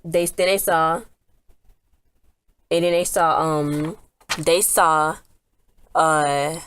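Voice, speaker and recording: A woman's voice: deep voice, fairly even intonation, extremely slow, fairly bright tone, slight background noise. A woman casually recapping a TV episode, rambling with lots of fillers and restarts. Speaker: TV episode reviewer.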